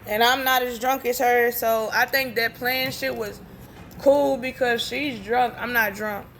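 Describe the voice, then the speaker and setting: Young woman ranting thru a storytime, kinda high voice, cusses a lot, plays out all the back and forth. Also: unhurried, slight background noise. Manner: blunt, profane, animated retelling with quoted dialogue. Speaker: storytime vlogger. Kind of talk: casual storytelling.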